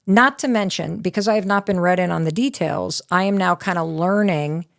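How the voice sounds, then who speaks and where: A middle-aged woman, a guest author, telling a personal story in a lively, candid way on a podcast interview, with casual swearing. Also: lowish voice, moderate pace, vocal fry.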